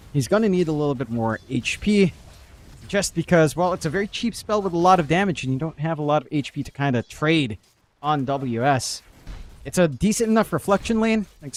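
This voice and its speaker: A man commentating a live esports match, breaking down the game analytically and joking with his co-caster. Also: fairly high pitch.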